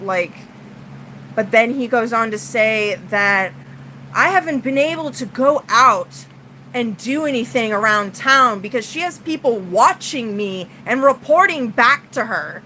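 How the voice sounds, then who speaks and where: Woman streamer, high and unhurried, blunt profane venting to chat. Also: expressive, bright, forceful tone, a little hiss or hum, low-quality recording. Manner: blunt and profane, swinging between heated outbursts and tired sighs. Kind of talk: casual livestream venting.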